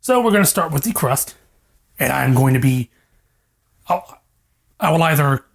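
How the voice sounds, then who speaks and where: This young man's voice is a little high and gravelly, animated and delivered at normal speed as he hosts a casual home cooking vlog. He rambles, jokes and swears, picked up by a lavalier mic in the kitchen over a background fridge hum.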